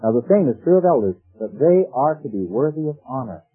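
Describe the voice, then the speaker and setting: Man, preacher, sermon, conversational, rhetorical questions, husky, thin old radio sound. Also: medium pitch, big pitch swings, brisk. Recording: tinny phone-like old radio broadcast with faint music.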